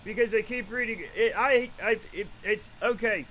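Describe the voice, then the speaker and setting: A man's voice: high voice, moderate pace, fairly bright tone, slight background noise, poor audio. A man in his late forties chatting casually on a live stream, rambling, profane and self-mocking. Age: late 40s.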